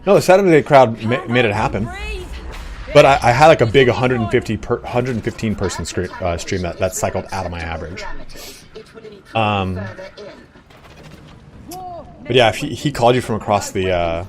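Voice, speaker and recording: A man's voice: lowish voice, moderate pace, long pauses. A man streaming a game, chatting casually in a rambling, stop-start way and swearing now and then, on a desk microphone. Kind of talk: casual chat while gaming.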